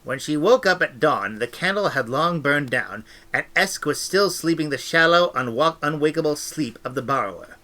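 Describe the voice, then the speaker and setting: A man reading a novel aloud with expressive, animated storytelling. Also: a little high, moderate pace, hardly any pauses. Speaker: audiobook reader.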